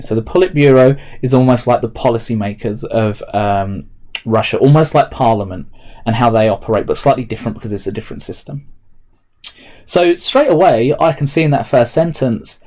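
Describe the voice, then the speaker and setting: A male teacher talks students through a remote lesson, explaining each step aloud as he types notes. His voice is mellow and relaxed, sitting at an ordinary middle pitch. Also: brisk. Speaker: history teacher. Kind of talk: recorded remote lesson walkthrough.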